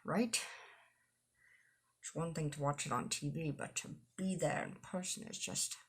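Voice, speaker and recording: A woman's voice: deep voice, unhurried, slightly rough, full character voice. A woman reading the lines of a friendly grown man from a dating game, stammering and gushing. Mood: excited.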